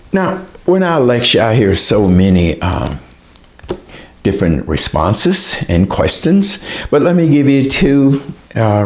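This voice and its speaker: A man lectures earnestly about raising children. He hesitates often, and his pitch swings widely as he stresses his points. He speaks with plain emotion.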